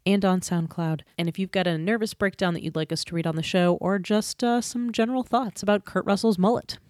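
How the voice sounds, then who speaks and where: A woman's voice: mid-range voice, fairly even intonation, a little fast, a little mellow, no echo, studio quality. A woman co-hosting a podcast, rambling and laughing through casual chat and then reading the show's closing announcements. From Atlanta, US. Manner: giggly, rambling, self-deprecating. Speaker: podcast co-host.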